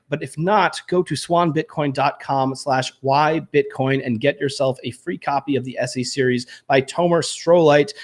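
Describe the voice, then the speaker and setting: A man hosting a podcast, upbeat and jokey, poking fun at himself. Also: a little high. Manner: upbeat, jokey, self-deprecating. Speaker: podcast host. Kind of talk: enthusiastic show intro and casual chat.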